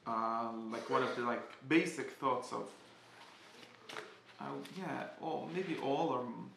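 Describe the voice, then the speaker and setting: A man giving a casual spoken class, halting and often restarting as he searches for words. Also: medium pitch, creaky, roomy sound, background noise. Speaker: teacher.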